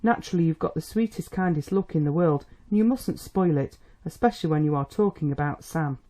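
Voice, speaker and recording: A reader voicing a spirited young woman coaxing her father, sweetly teasing, with a lifted pitch. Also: lively intonation, a little fast, dark tone, natural voice.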